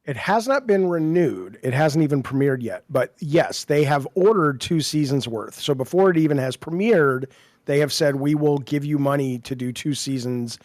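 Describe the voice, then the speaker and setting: A man's voice: on the high side, lively intonation, normal speed, darkish tone, no echo, studio quality. A man on a casual stream chat, asking questions and explaining at length.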